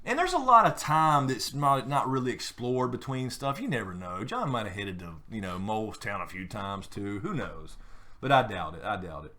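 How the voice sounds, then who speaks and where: A man's voice: on the low side, very animated, normal speed, sharp tone. Rambling male live stream host. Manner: rambling, many fillers and restarts. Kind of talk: casual live stream chat.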